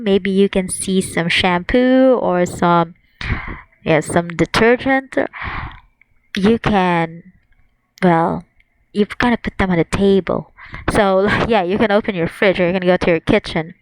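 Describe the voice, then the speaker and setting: A woman teaching an online language lesson, saying each word slowly and clearly and repeating it for her students. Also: medium pitch, no echo, rough recording.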